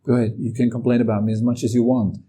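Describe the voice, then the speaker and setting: A man giving a calm, reflective talk as a meditation teacher. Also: mid-range voice, fast talker, husky. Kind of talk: dharma talk.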